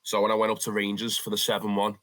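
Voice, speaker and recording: A young man with a Scouse accent, a football fan telling stories in a casual interview, animated and swearing freely. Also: fairly low pitch, quick pace. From Liverpool, England. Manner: animated, swears freely, calls the listener "lad".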